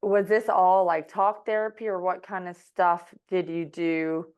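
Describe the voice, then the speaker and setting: A woman hosting a podcast in casual chat, reacting with quick interjections and follow-up questions. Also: on the low side, level tone, a little mellow, clean tone. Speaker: podcast host.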